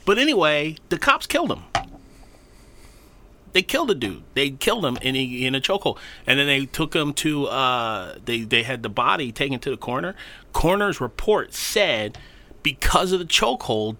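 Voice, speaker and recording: A man's voice: medium pitch, moderate pace. A man in casual, profane chat, telling stories with lots of swearing and laughter and acting out what people said. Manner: animated storytelling, swearing, laughing, acting out quotes.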